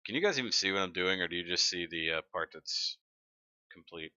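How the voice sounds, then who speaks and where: A man's voice: low voice, expressive, a little fast, bright, forceful tone, smooth, dry recording. A man hosting a casual live stream, chatting and joking as he reads comments aloud into a desk mic. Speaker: livestream host. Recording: dry, dull lo-fi sound.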